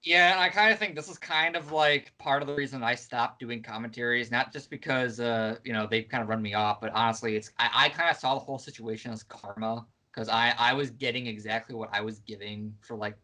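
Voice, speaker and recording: A man's voice: mid-range voice, fairly even intonation, a little fast, few pauses, bright, forceful tone. A young man hosting a casual chat, talking in a rambling, wry way and often stopping to restart his sentences. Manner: rambling, self-interrupting, wry. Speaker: channel host.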